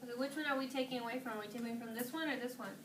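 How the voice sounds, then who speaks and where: High-voiced woman teacher encouraging a class. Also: very fast. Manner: encouraging, questioning, praising students. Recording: distant echoey classroom, clear noise.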